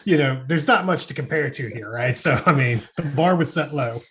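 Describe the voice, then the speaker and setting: A man's voice: on the high side, normal speed, a crowd in the background. A man co-hosting a podcast, teasing the others with crude, joking humor. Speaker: podcast co-host. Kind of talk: casual banter.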